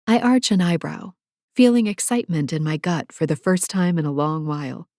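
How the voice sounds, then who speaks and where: A woman narrating a first-person romance audiobook in a measured, wry storytelling manner. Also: low-pitched, darkish tone, no echo, clean studio sound.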